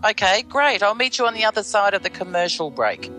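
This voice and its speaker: A woman's voice: medium pitch, big pitch swings, fairly quick, bright, forceful tone. A woman hosting a radio talk show as a psychic, encouraging her guest in a gushing, friendly way. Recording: music playing behind.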